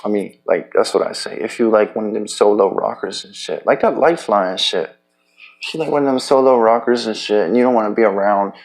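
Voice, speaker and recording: A man talking in a loose, rambling personal monologue, profane and halting, with many restarts. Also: fairly low pitch, vocal fry. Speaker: vlogger.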